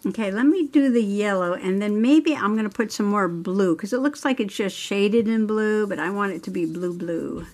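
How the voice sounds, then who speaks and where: A middle-aged woman hosts a journaling video, coloring as she tells a chatty story and laughs often. Her voice is medium in pitch and a little mellow, with a moderate pace and hardly any pauses.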